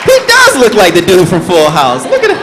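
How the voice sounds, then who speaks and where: Male host from the South; high, lively delivery, roomy venue sound. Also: brisk, a crowd in the background, noisy background. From American South. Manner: chatty, animated, acts out bits. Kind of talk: stand-up comedy.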